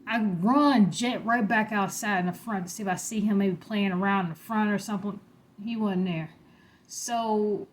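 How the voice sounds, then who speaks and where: A young adult woman casually telling a frightening personal story, growing animated and louder when alarmed. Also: a little hiss or hum. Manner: animated, rising in pitch and loudness when alarmed.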